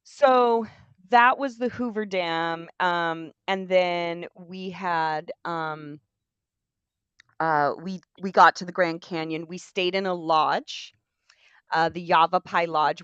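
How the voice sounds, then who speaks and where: A woman's voice: fairly low pitch, fairly even intonation, takes it slowly, a bit bright, clear, resonant tone, no echo, highs cut off. A woman hosting a live stream, telling a long casual story in a chatty, rambling way with many fillers.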